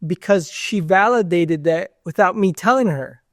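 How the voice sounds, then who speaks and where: A man's voice: sits high, moderate pace, dry recording, clean studio sound. A man as an interview guest, telling a personal story in a rambling way, full of "like" and "you know" and re-enacted dialogue.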